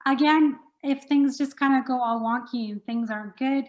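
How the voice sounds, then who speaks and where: A woman's voice: high-pitched, moderate pace, low-quality recording. A woman hosting an internet radio show, talking easily and laughing often. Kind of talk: casual interview.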